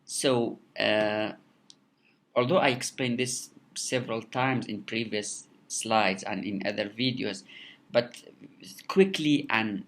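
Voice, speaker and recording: A man giving a recorded lecture, halting with many fillers and repeated words. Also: lowish voice, fairly bright tone. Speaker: English lecturer.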